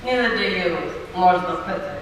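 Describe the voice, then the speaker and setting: A man playing a sharp-tongued, stern female housekeeper on stage, with a dry, cutting and commanding delivery. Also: sits high, normal speed, slight background noise. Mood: tart. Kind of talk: stage play acting. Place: school theater stage. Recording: echoey hall from far off.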